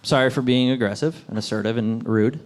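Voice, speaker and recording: A male stand-up comedian from New Jersey, brash and profane, jumping into loud shouted bits on stage before a live audience. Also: medium pitch, fairly quick, noisy background. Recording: live club set with crowd laughter.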